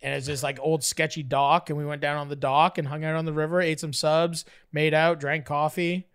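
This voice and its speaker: A man's voice: on the high side, a little fast, smooth. A man from Canada, a podcast guest, telling rambling stories in casual chat and acting out voices along the way. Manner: rambling, animated, acts out voices in his stories. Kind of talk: casual storytelling.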